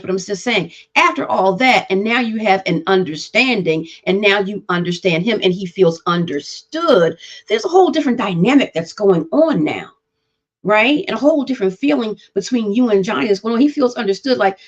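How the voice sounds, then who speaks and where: A woman hosting a live-streamed talk on mental health, walking parents through ideas step by step. She keeps checking in with her listeners as she explains. Her voice sits at an ordinary middle pitch and comes through a muffled, lo-fi stream. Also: lively intonation, normal speed. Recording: dull lo-fi stream audio.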